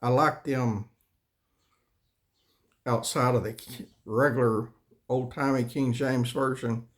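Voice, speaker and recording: A man, hosting his own channel in a folksy, rambling, complaining monologue, often coughing and clearing his throat. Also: medium pitch, fairly even intonation, takes it slowly. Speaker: channel host.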